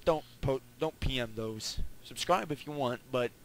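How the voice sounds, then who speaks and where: A man's voice: mid-range voice, moderate pace. Dry-joking podcast man, noisy recording. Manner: dry, joking, gives instructions to listeners. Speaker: podcast co-host. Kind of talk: casual podcast chat. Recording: loud background noise and clicks.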